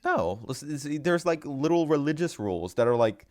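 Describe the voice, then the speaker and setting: A man's voice: a little high, very animated, brisk. A young man co-hosting a podcast, telling rambling stories in casual chat. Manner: laid-back, rambling storytelling. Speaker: podcast co-host.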